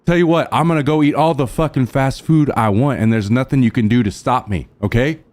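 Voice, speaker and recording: A man streaming live, trash-talking his chat in a brash, profane way. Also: fairly quick. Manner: thanks subscribers in a lowered, softer voice.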